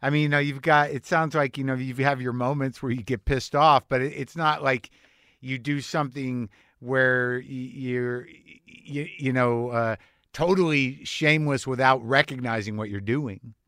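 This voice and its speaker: A male host is talking through a long, winding question in a casual interview, stopping and restarting several times. His pitch sits in the middle of the range for a man. The recording is dry and close, with almost no room sound. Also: steady tone, a bit bright, no room sound. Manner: rambling, halting questions with many restarts. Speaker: podcast host.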